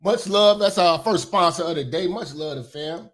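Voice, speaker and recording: A man from hosting a casual commentary livestream, slangy and profane, swinging between loud shouting and low muttering and repeating phrases for emphasis. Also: normal speed. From Chicago. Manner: profane, slangy street talk. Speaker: commentary show host.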